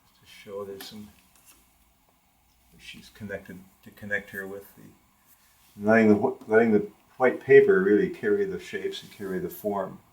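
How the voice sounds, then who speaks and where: A man's voice: lowish voice, steady tone, moderate pace, pauses often. An older man teaching a live watercolor demonstration in a studio, thinking aloud as he paints, often trailing off and restarting his sentences. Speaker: art instructor. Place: art studio with a live model.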